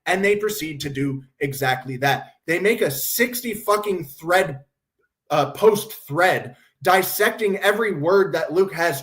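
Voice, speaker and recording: A man with a slightly high speaking voice hosts a casual stream, talking in a blunt, sardonic way. He swears freely and mocks what he describes. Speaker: host.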